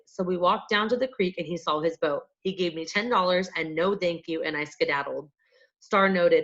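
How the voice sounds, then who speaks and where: A woman's voice: lowish voice, moderate pace, a bit bright. Woman reading a storybook aloud. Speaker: audiobook reader. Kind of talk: storybook read-aloud narration. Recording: dull lo-fi audiobook recording.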